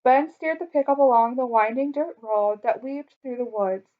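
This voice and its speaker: A woman reading a children's story aloud in a clear, expressive way. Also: fairly high pitch, moderate pace. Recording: dull lo-fi recording.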